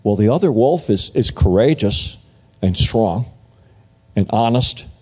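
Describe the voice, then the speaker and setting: A wise, grave old chief, as a man preacher puts him on, speaks in slow, measured pronouncements. His voice sits a shade lower than the man's usual one, calm and weighty. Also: slightly rough. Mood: solemn.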